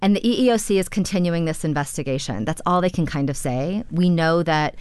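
A woman's voice: fairly low pitch, a little fast, darkish tone, clear, resonant tone, no room sound. A woman reporter explaining her story in a conversational radio interview, with frequent "you know" fillers.

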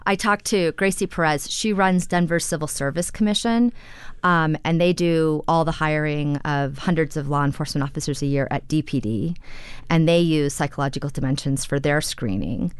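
A woman's voice: low-pitched, moderate pace, clean tone, no room sound. A woman reporter explaining her story in a conversational radio interview, with frequent "you know" fillers.

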